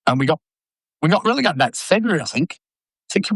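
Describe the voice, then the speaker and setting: An older former footballer telling blunt, sweary stories in an interview. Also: male voice, sits high, brisk, gravelly, no room sound, poor audio. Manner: blunt, sweary, animated anecdotes. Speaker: former footballer and manager, guest. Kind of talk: casual storytelling interview.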